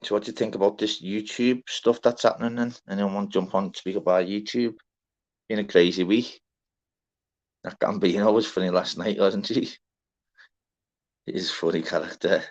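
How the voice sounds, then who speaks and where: A man's voice: on the low side, fairly even intonation, normal speed, long pauses, darkish tone. Scouse man, chatty lo-fi livestream. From Liverpool, England. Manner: chatty, sweary, greets viewers by name. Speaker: livestream panel host. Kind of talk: casual live chat. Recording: dull lo-fi stream audio.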